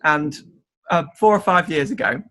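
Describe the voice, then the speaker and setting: A man's voice: on the high side, normal speed. A young man, a youth leader, telling funny stories in a casual chat and laughing through them. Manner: animated storyteller who laughs through his anecdotes.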